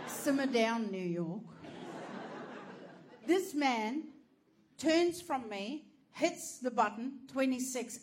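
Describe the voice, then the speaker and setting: A woman's voice: a little high, lively intonation, slow, long pauses, noisy background. A woman doing stand-up, telling a story animatedly, swearing and laughing through it. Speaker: stand-up comedian.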